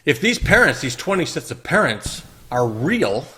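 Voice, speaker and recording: A man's voice: a little high, big pitch swings, moderate pace, husky. A man making an indignant, ranting video, mocking the critics he quotes. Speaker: conspiracy video maker. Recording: loud background noise.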